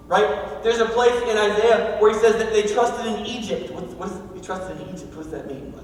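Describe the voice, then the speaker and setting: A man's voice: sits high, a little hiss or hum. A man preaching a sermon as pastor of a church, in a casual, joking, conversational way. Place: church sanctuary. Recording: echoey hall from far off.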